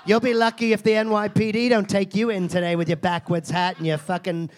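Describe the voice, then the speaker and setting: A man's voice: high-pitched, level tone, a little fast, slight background noise, lightly acted. A man playing a crude, foul-mouthed lady self-help guru. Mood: brash. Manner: crude, mocking, insulting the audience. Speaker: comedian performing a character. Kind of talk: live stand-up character act.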